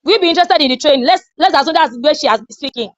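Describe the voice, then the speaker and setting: A woman with a very high voice runs a classroom training session, animated and demonstrative. The recording is dull and lo-fi, taken in a lecture room. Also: rapid-fire, no echo. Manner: animated, acts out scolding.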